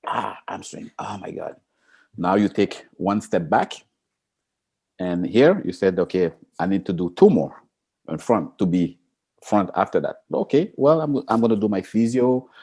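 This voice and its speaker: A man being interviewed as an Olympic sprinter, telling stories with lively energy, acting out quotes in a high excited voice and laughing. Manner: expressive, jumps into high excited pitch, acts out quotes, laughs. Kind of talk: animated interview storytelling.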